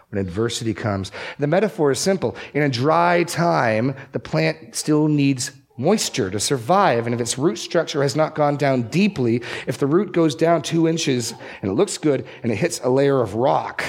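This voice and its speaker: A man preaching as a pastor, emphatic and repeating key phrases for stress. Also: mid-range voice. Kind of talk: sermon.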